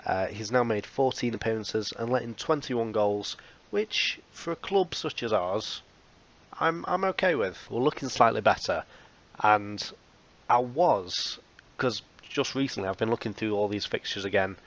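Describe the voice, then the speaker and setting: A man's voice: on the low side, measured pace, a bit bright, muffled recording. A man hosting a football management let's play, recapping results in a casual, wry, self-mocking way. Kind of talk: casual game commentary.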